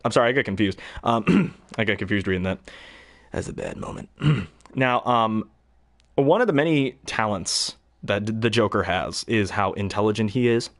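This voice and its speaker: A man's voice: fairly low pitch, expressive, normal speed, fairly bright tone. A young man chatting casually about voice acting, rambling with lots of fillers and laughs. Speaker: hobby voice actor. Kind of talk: casual chat.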